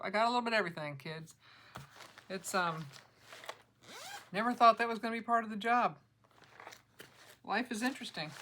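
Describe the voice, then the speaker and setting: Bright-voiced chatty woman stitcher. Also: fairly low pitch, a little hiss or hum. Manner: chatty, joking, laughs often. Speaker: flosstube vlogger. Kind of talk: casual chat about cross-stitch projects.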